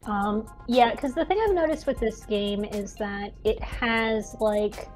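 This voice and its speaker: Woman co-player, relaxed joker in casual chat, faint music underneath. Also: on the high side, slow pace. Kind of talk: casual chat while streaming a game.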